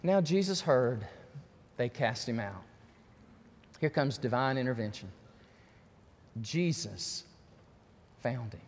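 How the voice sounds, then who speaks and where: A pastor preaching a fervent sermon, repeating himself and rising to shouts. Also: male voice, medium pitch, lively intonation, takes it slowly, pauses often, slight background noise. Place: church sanctuary. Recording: long reverb of a church hall.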